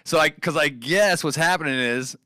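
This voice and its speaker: A man's voice: fairly high pitch, moderate pace, sharp tone, no room sound, studio quality. A man co-hosting a live show, chatting casually with lots of swearing and laughter. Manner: crude, laughing, swears a lot. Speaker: co-host of a weekly live show. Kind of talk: casual profane banter.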